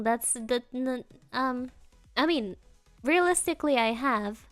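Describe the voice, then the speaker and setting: High-voiced, giggly woman streamer. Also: unhurried, a bit bright, no echo, faint music behind. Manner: playful, giggly, answering chat. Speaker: virtual streamer. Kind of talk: casual live-stream chat.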